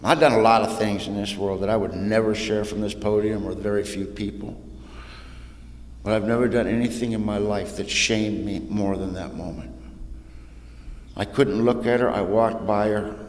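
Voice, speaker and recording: Lower-voiced man telling his story in an echoey hall. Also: fairly even intonation, moderate pace. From Southern California. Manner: humorous storytelling, drops soft and low for painful parts; casual southern-tinged slang, "ain't", "y'all". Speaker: recovery meeting speaker. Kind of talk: personal testimony talk. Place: hall with audience at a podium. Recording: echoey hall, faint room noise.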